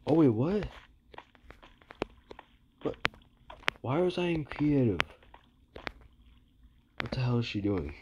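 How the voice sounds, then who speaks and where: A man giving casual gameplay commentary, mumbling and breaking into excitable outbursts and groans, recorded with a phone screen recorder. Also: mid-range voice, unhurried, long pauses, lo-fi sound, noisy background. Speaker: gamer. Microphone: phone screen recorder mic.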